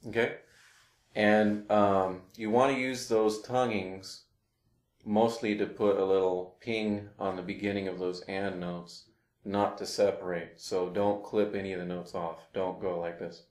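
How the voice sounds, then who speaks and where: Man, deep voice, clarinet teacher, casual explaining, frequent ums, echoey room. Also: measured pace. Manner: relaxed, explains with fillers and demonstrations. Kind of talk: casual instructional talk. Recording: roomy echo.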